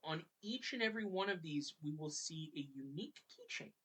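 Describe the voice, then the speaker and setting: A podcast host retelling a video game story in a casual, chatty way, now and then slipping into quick character voices. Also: mid-range voice, expressive, a bit bright, husky.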